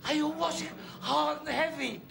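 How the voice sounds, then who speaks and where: A playful, mock-flustered celebrity impression, put on by a man. The voice is very high and gravelly. There is steady noise from old videotape. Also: moderate pace, exaggerated voice.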